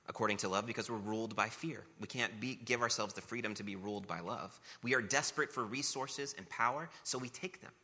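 A pastor delivers a sermon in a lowish, pushed, bright voice, earnest and emphatic. He builds each point with rhetorical questions and repetition, and the recording carries the long reverb of a large hall.

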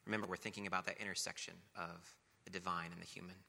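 A man's voice: deep voice, level tone, rapid-fire, vocal fry, pushed and bright. A man preaching a sermon, talking casually between passages of scripture that he reads aloud with emphasis. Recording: long reverb of a large hall.

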